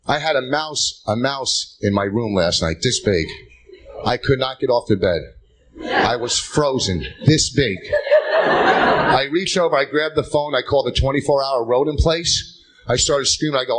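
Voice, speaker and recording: A man's voice: mid-range voice, lively intonation, a little slow, low-quality recording. A man doing a stand-up routine on a club stage, firing off short jokes and tagging them with "okay?". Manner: punchy jokes tagged with "okay?" and "right?". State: tired. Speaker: stand-up comedian. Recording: live club show, crowd noise. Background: loud laughing audience.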